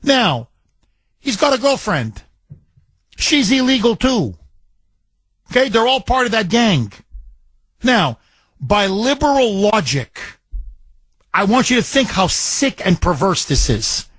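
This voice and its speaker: A man's voice: sits high, big pitch swings, slow, long pauses, fairly bright tone, slightly rough, no echo. A man hosting a political talk radio show, ranting in an indignant, emphatic way into a studio mic.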